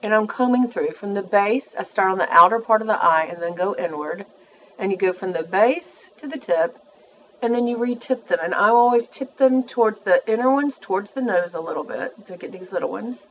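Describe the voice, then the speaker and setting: A woman's voice: medium pitch, a little fast, a bit bright, highs cut off, slight background noise. A woman, chatting through a makeup tutorial and talking to her viewers as she works. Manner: chatty, self-narrating, addresses viewers as y'all. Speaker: beauty vlogger.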